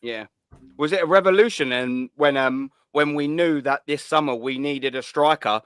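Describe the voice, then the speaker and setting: A man's voice: fairly high pitch, moderate pace, fairly bright tone, smooth, dry recording. A man, hosting a casual call-in chat with blunt, sweary banter. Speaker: host.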